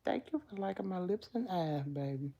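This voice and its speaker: Lively-voiced woman chatting on a livestream. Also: fairly low pitch, normal speed, breathy edge, highs cut off. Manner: talks straight to viewers, reads and answers chat comments. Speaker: livestream host. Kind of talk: casual live-stream chat.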